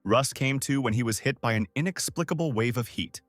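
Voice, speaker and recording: A man narrating a scripted story recap in a steady storytelling manner, reading the quoted lines without doing voices. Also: medium pitch, brisk, no echo, faint music behind.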